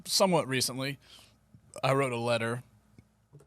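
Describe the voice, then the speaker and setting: A man hosting an interview, low-key and mostly giving brief acknowledgments. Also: normal speed, a bit bright, no room sound. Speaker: interview host.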